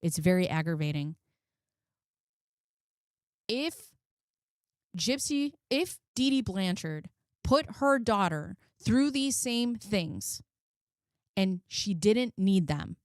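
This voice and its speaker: Woman, forties, commentary host; blunt, swears a lot, dry close sound, middle pitch. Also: dry recording. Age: 40s. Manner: blunt, frequent swearing, emotional. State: close to tears. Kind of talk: casual commentary and personal storytelling.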